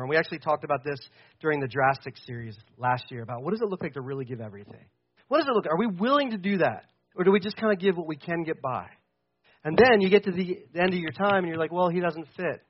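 High-voiced young pastor preaching animatedly. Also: male voice, highs cut off. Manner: animated and conversational, swinging from loud to quiet; acts out quoted voices. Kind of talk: sermon. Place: church stage.

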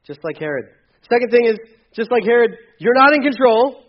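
High-voiced pastor preaching animatedly. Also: male voice, a little fast, highs cut off. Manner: animated, conversational preaching with humor. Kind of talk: sermon.

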